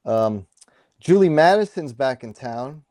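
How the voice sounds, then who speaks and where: A man's voice: mid-range voice, expressive, a little slow, dark tone, dry recording, studio quality. A man co-hosting a casual comic book podcast, laid-back and jokey, with plenty of fillers and murmured agreement. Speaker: podcast co-host.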